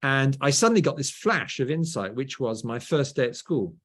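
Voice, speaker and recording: A man's voice: medium pitch, lively intonation, moderate pace, a bit bright. A middle-aged English man with a standard southern English accent, a guest telling stories in an interview and often tagging his points with "right?". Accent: southern English, BBC-style. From England. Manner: storytelling, often adds "right?". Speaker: guest author. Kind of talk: conversational interview.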